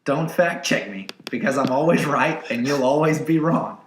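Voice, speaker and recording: A man's voice: medium pitch, expressive, normal speed, a little hiss or hum. A young man co-hosting a podcast in casual chat, teasing and mock-boastful. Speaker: podcast co-host. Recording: echoey room.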